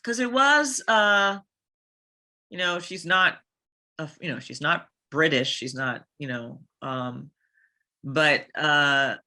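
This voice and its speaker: A woman voice actress speaks slowly as a podcast guest, her tone bright and forward. She hesitates often, stopping and restarting as she gathers her thoughts. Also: deep voice. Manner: hesitant, many fillers and restarts. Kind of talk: casual interview chat.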